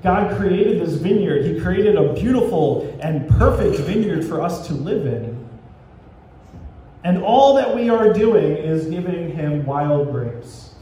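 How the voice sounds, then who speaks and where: A man with a high, warm voice delivers a sermon in a church. He retells scripture as lively little scenes, playing God and the people. The recording rings with heavy room echo and faint background noise. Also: slow pace. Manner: storytelling, acting out dialogue between God and people. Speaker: pastor. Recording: echoey church sanctuary with faint ambient noise.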